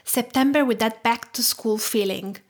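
A woman from Tuscany in her thirties with an Italian accent, hosting a podcast in measured, reflective scripted narration. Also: a little high. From Tuscany, Italy. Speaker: podcast host and home cook.

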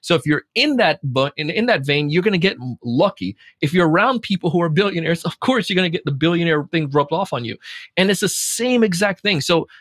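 A man talking casually as a podcast guest, animated, acting out quoted voices. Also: fairly high pitch, a little fast, husky, no echo, clean studio sound. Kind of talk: casual chat.

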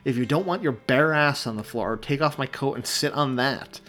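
A man reading aloud, voicing a wry, steady young man who speaks sarcastically but firmly and gently. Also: medium pitch, moderate pace, soft background music, natural voice. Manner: sarcastic, then gentle and firm.

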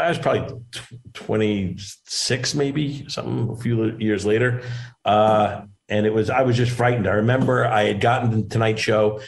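A man's voice: fairly low pitch, vocal fry, rough recording. A middle-aged man, a comedian and actor, chatting as a guest over a video call, rambling through stories with lots of restarts. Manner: rambling storyteller with many restarts. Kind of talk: casual interview chat.

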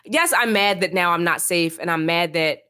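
An emphatic young woman co-hosting a casual podcast, her voice sitting a little low for a woman. She talks in an animated, slangy way and throws her opinions right out. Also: normal speed. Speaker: podcast co-host. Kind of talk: casual podcast chat, reading book passages aloud.

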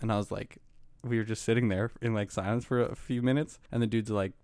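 A man's voice: lowish voice, fairly even intonation, fast, a little mellow, smooth, no echo, clean studio sound. A young man casually telling a story to a friend, swearing freely, laughing often and acting out both sides. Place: indoor room.

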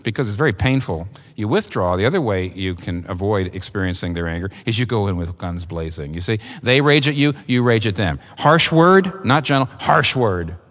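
A man preaching a sermon, earnest and emphatic, his pitch leaping up at times. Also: big-room sound.

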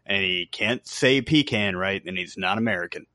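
A man's voice: sits low, moderate pace, bright, forceful tone, no echo. Teasing man in his thirties, dry sound. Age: 30s. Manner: teasing, mock-indignant. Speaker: podcast co-host. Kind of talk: casual chat.

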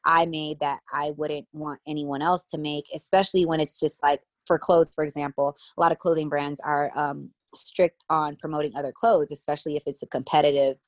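A woman in her thirties with an American accent chats casually as an interview guest, packing her speech with fillers. Her low voice holds a level tone, fairly quick with hardly any pauses, and the recording is dry.

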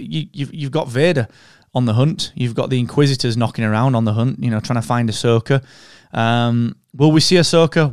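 Podcast host, man, smooth clear voice, dry close sound, relaxed talk. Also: mid-range voice, dry recording. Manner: relaxed and conversational, drifting into an upbeat show plug. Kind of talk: casual chat.

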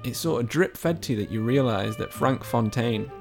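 A man talks in an easygoing, enthusiastic ramble, his voice carrying a gravelly fry. Clear music plays underneath the conversation. He sounds like he is chatting with a friend on a podcast. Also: medium pitch, moderate pace. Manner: enthusiastic, rambling retelling of game plots. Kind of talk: casual chat.

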